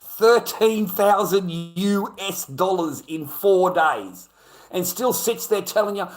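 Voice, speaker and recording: Australian male streamer, slightly high voice, indignant, profane, casual rant. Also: lively intonation, slow pace. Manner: profane, indignant, repeats himself.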